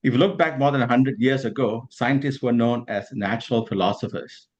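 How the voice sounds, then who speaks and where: A man giving a guest talk at an online event over a video call, measured and polite, with some fillers. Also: medium pitch, highs cut off. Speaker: guest speaker. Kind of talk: formal talk.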